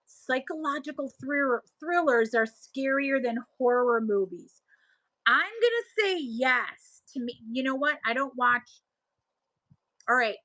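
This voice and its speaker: A middle-aged woman with a Buffalo accent chats through viewer comments on her live stream. Her voice sits a little high, and she rambles and restarts as she goes. The sound is close and dry, with no room echo. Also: pushed and bright. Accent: Buffalo, New York. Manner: chatty, reads viewer comments aloud and answers them; rambling, often trails off and restarts. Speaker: livestream seller host.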